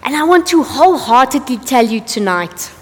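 A woman's voice: high-pitched, big pitch swings, moderate pace. A woman preaching an evening sermon in a chatty, candid way, with asides and self-corrections. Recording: long reverb of a large hall.

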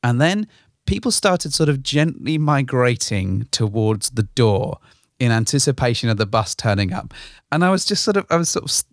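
A man's voice: mid-range voice, big pitch swings, normal speed, no echo, clean studio sound. A man co-hosting a podcast, telling a story in a rambling, casual way and hedging with "sort of". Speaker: podcast co-host. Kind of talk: casual chat.

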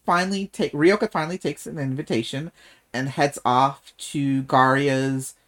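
Male podcast co-host, lively casual recap voice, sarcastic and loose, given to laughing and swearing. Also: on the high side, normal speed. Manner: animated, swears, laughs often. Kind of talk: casual book discussion.

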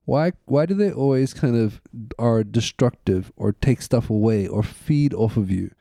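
A man's voice: mid-range voice, lively intonation, unhurried, gravelly, dark tone, dry recording. A man co-hosting a podcast, chatting casually and crudely, riffing jokes and bits. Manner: crude, joking, riffs in bits. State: coughing. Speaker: podcast co-host. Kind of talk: casual chat.

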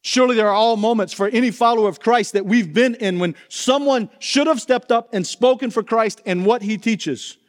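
A pastor delivers an earnest sermon in a high, bright-edged voice, pressing his listeners with direct questions. His words ring out with a long reverb, as from a church sanctuary. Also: moderate pace, few pauses.

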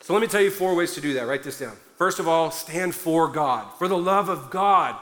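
A male pastor preaching a sermon with loud, fervent emphasis to a congregation, a little out of breath. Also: sits high, fast, few pauses. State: somewhat out of breath. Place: large church hall before a congregation. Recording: long hall reverb.

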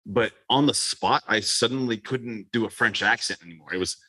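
A man's voice: lowish voice, normal speed, sharp tone. A man hosting a podcast in loose casual chat, rambling, swearing freely and laughing a lot. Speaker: podcast host.

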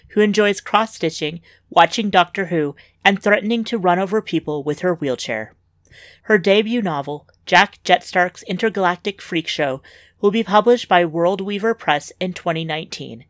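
Slightly low female story reader, wry lively first-person delivery, dry close mic. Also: dry recording. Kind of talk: scripted fiction narration.

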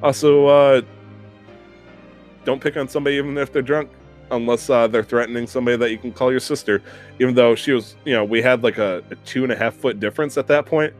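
A man's voice: medium pitch, quick pace, soft background music. Profane young man telling a story. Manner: animated, profane, self-mocking storytelling. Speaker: podcast host. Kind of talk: casual storytelling chat.

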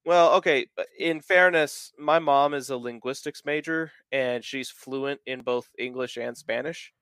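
A man in his thirties from the American South hosts a podcast in a relaxed, talkative way. He lays out ideas at length and leans on plenty of filler words. His voice is mid-pitched and sits close and dry on the mic. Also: unhurried, clean tone, no echo. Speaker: podcast host. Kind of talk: casual podcast chat.

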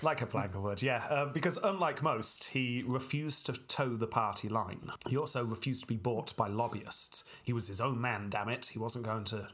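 A man's voice: mid-range voice, moderate pace, hardly any pauses, a bit bright, breathy edge. A man co-hosting a podcast, casually narrating history with a dry, wry humor and frequent laughs. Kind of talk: casual storytelling chat.

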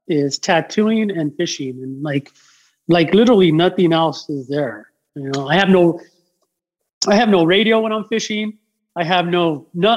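A man who works as a tattoo artist, chatting casually as a podcast guest and telling stories in a rambling, animated way with lots of fillers. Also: high voice, muffled recording. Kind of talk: casual podcast chat, storytelling.

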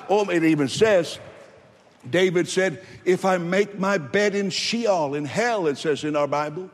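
Preaching man in an echoey hall. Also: a little slow. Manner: emphatic preaching, rising loud then dropping low. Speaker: pastor. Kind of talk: sermon.

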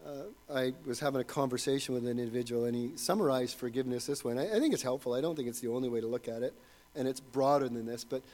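A man's voice: medium pitch, darkish tone. A man preaching a sermon as pastor, earnest and building to fervent emphasis.

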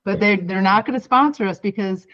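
A woman's voice: mid-range voice, fairly quick, dull audio. A woman co-hosting a podcast, telling a story bluntly, with plenty of swearing and self-mocking humor. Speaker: podcast co-host. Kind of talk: casual storytelling.

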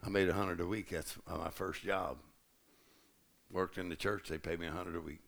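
Middle-aged preacher, man, gravelly and bright, swings from folksy talk to shouting. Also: deep voice, fairly even intonation, moderate pace. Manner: rising to shouted declarations with a gravelly voice. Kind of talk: sermon. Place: large church auditorium.

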